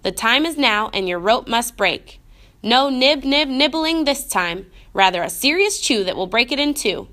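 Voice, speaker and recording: A woman's voice: a little high, lively intonation, normal speed, bright, forceful tone. Woman voicing a whispering, scheming rat villain. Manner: whispering, smooth and vengeful. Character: scheming male rat with grand manners.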